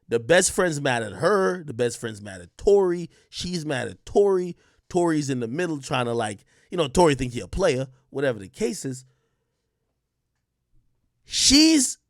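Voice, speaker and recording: Animated man ranting to viewers. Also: fairly high pitch, dry recording, studio quality. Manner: animated, blunt, profane, talks straight to viewers. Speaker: commentator reacting to an interview clip. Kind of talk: casual reaction commentary.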